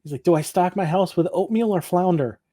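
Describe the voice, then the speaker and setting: Podcast guy recapping a show, keeps doing quick voices for the characters, warm mellow tone, dry sound. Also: high-pitched, no echo. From Michigan. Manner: laughs often, acts out characters' lines in quick voices. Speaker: podcast co-host. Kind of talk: casual episode recap chat.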